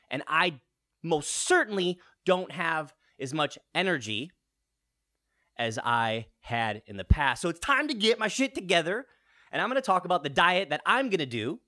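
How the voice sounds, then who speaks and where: A man in his late thirties talks to his viewers in a casual fitness vlog. His nose is running and he sniffles. His pitch rises and falls a lot as he fires off rhetorical questions and swears in passing. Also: sharp tone. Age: 30s. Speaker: fitness vlogger.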